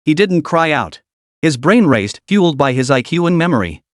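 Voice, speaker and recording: Animated male storybook narrator. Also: on the high side, normal speed, dry recording, studio quality.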